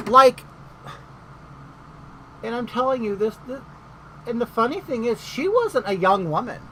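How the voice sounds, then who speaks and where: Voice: medium pitch, animated, measured pace, a bit bright, slight background noise, low-quality recording. A middle-aged vlogger telling a story in casual chat, gossipy and indignant.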